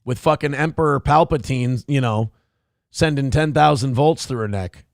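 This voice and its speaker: A man's voice: mid-range voice, normal speed, gravelly, dry recording, clean studio sound. A man hosting a show, reacting to a clip with angry, mocking commentary full of swearing. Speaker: show host.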